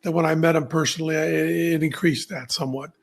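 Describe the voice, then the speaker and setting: A man hosting a podcast, telling stories in a casual, animated way and laughing at his own anecdotes. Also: a little high, fast, vocal fry. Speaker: podcast host. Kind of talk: casual storytelling chat.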